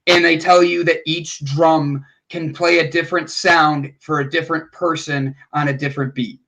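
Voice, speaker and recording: Middle-aged guy on a podcast, kinda high voice, super animated, does voices when quoting folks. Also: normal speed, low-quality recording. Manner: animated storyteller, acts out quotes in voices. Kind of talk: casual chat.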